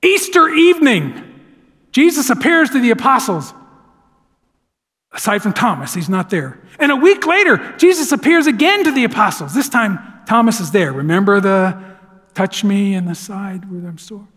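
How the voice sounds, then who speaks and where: Animated high-voiced preacher. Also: male voice, moderate pace. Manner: animated dramatic storytelling. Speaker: pastor. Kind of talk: sermon. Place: church sanctuary. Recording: long church hall reverb.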